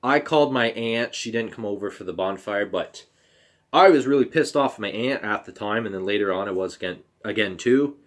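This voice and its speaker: A young man telling a personal story on his own channel, halting and emotional, with fillers, restarts and casual swearing. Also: fairly low pitch. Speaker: vlogger.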